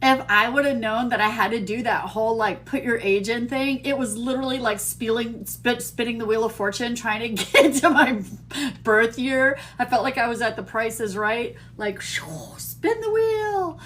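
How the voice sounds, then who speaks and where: A woman's voice: on the high side, steady tone, moderate pace, fairly bright tone, a little hiss or hum. A woman in her fifties hosting a casual livestream, bubbly and giddy, laughing often and poking fun at herself as she chats to viewers. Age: 50s. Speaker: TikTok livestream host.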